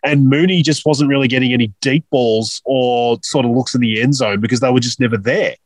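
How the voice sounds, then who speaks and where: Man, husky voice, dry close sound, crude joking banter, casual podcast chat. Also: medium pitch, fairly quick, no echo. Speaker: podcast co-host. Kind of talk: casual fantasy football chat.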